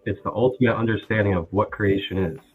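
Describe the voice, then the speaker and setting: Man guest, very deep and husky, calm and reflective, phone-like sound. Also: faint music behind. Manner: calm, philosophical, explaining slowly. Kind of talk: spiritual conversation. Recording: tinny phone-line audio.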